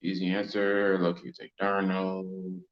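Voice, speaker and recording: A man hosting a casual sports fan live stream, chatting loosely and giving viewers shout-outs. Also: deep voice, completely flat delivery, unhurried. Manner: casual, reads and answers chat shout-outs. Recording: roomy, dull lo-fi sound.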